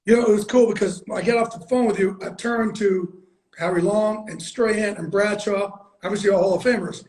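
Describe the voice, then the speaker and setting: A middle-aged man hosting a casual interview. His voice is pitched well above most men's. He talks bluntly and emphatically, with plenty of swearing. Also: steady tone, fairly quick, a little mellow, poor audio. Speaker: host.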